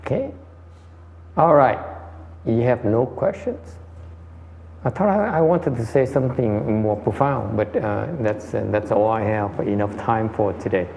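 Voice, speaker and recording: A man's voice: on the low side, a little slow, gravelly, darkish tone. A man giving a conversational dharma lecture, repeating phrases and answering questions. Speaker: meditation teacher. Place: meditation hall. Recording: muffled hall recording.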